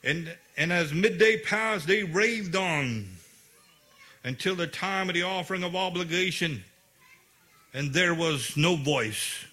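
A man's voice: high-pitched, animated, slow pace, bright, forceful tone. A man preaching a sermon, retelling a scripture story in his own words with many fillers and restarts.

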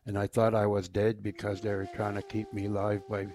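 A man telling his personal faith testimony in a halting, repetitive way, often trailing off quietly. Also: on the low side, completely flat delivery. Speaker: former inmate sharing his faith testimony.

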